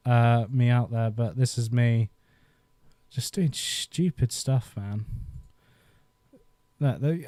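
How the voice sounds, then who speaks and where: A man in his thirties hosts a casual live stream, rambling through old memories with frequent laughter. His voice is mellow and dark-toned, and the recording sounds dry and close. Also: mid-range voice, dry recording. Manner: rambling, nostalgic, laughs often. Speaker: YouTube host. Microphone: desk microphone.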